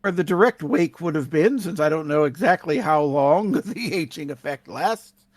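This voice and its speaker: A man playing a tabletop game, describing what his character does and asking brisk questions. His voice sits a little high. The sound is dry and close. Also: dry recording. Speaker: player.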